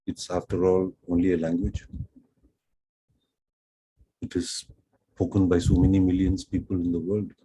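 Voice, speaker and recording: A middle-aged man from Pondicherry with an Indian accent, teaching French through an unhurried, self-deprecating storytelling lecture. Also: sits low, level tone, warm tone, a little hiss or hum, rough recording. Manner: unhurried, self-deprecating, acts out quoted dialogue.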